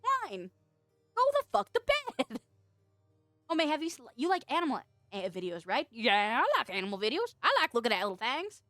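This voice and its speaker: Giggly streamer woman with a lively high voice. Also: dry recording. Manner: giggly and playful, laughs often. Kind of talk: casual livestream chat, reading out chat. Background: faint background music.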